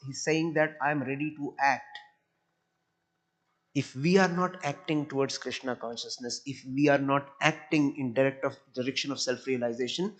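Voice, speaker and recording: A man's voice: mid-range voice, fairly bright tone. Earnest man giving a devotional talk. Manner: earnest, repeats words while searching for phrasing. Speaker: temple speaker.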